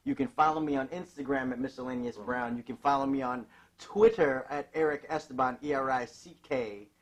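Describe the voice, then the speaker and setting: A male comedian from Chicago spins loose, profane, rambling stories with punchy asides. He is a podcast guest speaking at a middling pitch. The sound is dry and close to the mic. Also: brisk, no echo. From Chicago, USA. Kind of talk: casual comic storytelling on a podcast.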